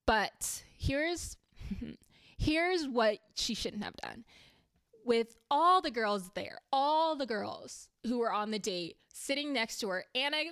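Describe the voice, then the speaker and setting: A chatty woman recaps reality TV in a casual, heated way and swears when something annoys her. Her voice is smooth and clear. The sound is dry and close, with no room around it. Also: a little high, animated, slow pace, a bit bright, dry recording.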